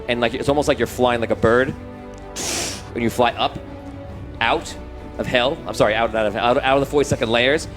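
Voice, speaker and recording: Hombre narrando una partida de rol. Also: male voice, medium pitch, fairly even intonation, brisk, long pauses. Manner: rambling, many fillers and restarts. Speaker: game master. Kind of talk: narrating a tabletop game. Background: background music.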